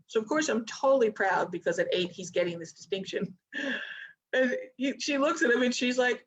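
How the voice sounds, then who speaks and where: A woman trading mentor talking casually to a live online audience in an energetic, motivational way, with chatty asides. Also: on the high side, moderate pace, dull audio. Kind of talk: casual live-stream talk.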